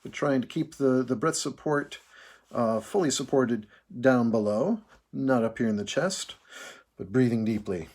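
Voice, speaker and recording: Slow, calm male choir director. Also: mid-range voice. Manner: slow, calm, counting out breathing exercises. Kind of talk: leading vocal warm-ups.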